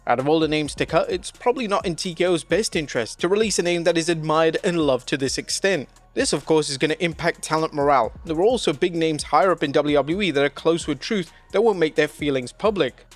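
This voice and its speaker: Man narrating wrestling news, higher voice. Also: quick pace, few pauses, faint music behind. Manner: steady, even read with a reporting tone.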